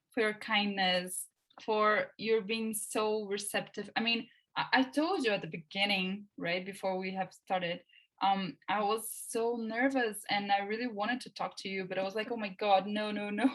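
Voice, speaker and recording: A woman interviewer with a Brazilian Portuguese accent, native speaker of Portuguese, talking over a video call in an eager, halting way with many restarts. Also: medium pitch, fairly bright tone.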